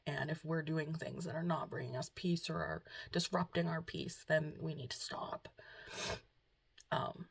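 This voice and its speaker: A young woman vlogging at home, talking softly and hesitantly with many pauses, emotional and close to tears. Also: sits low, steady tone, vocal fry, breathy edge. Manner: soft, hesitant, full of ums and trailing off. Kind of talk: casual confessional vlog talk. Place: at home, indoors.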